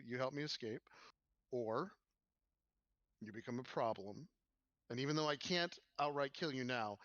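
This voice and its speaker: A man voicing a smug, menacing male villain who mocks and threatens in a slow, contemptuous way, on a dull lo-fi recording. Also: mid-range voice, a bit bright, no echo.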